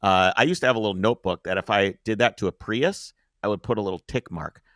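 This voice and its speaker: A man hosting a podcast, telling a long story in a casual, animated way, swearing freely and acting out the scenes. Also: lowish voice, fast talker, no room sound, clean studio sound.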